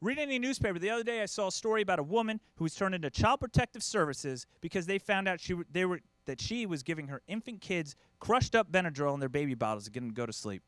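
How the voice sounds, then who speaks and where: Animated high-pitched stand-up comedian man. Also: quick pace, few pauses, dry recording. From United States. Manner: animated, acts out family members in quoted voices.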